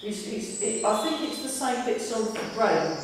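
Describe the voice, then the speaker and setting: A woman's voice: on the high side, lively intonation, normal speed. A woman with a London accent teaching a tai chi class, chatty, often restarting her sentences. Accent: London English. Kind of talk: guiding a class through exercises. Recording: echoey hall, distant mic, loud background noise.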